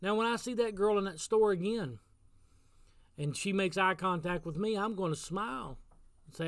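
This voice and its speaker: A man's voice: sits high, normal speed, fairly bright tone, no echo, clean studio sound. A man giving a casual devotional talk as pastor, telling a story in an earnest way and repeating phrases for emphasis.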